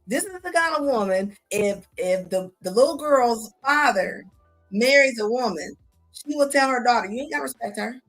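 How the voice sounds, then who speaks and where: A woman's voice: on the high side, lively intonation, moderate pace, fairly bright tone, soft background music. Blunt, mocking woman streamer. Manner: blunt, mocking, laughs often. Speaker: commentary streamer. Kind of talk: casual reaction commentary.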